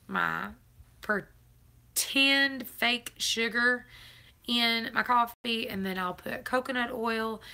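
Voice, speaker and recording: A woman's voice: fairly high pitch, creaky, bright, forceful tone. A woman chatting casually on a live stream, laughing often. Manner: chatty, laughs often, Southern turns of phrase.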